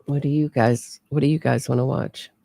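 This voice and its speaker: A woman's voice: a bass voice, fairly even intonation, moderate pace, vocal fry, mellow, dry recording. A woman hosting a true crime livestream, chatting casually and answering her viewers. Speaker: true crime podcast host.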